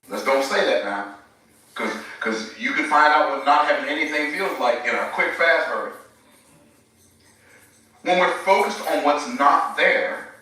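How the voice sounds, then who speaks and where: A man preaching with emphatic, searching questions aimed at his viewers. His voice is bright and a little high, and it rings through a very echoey room while he stands well back from the mic. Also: distant mic. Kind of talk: live-streamed sermon.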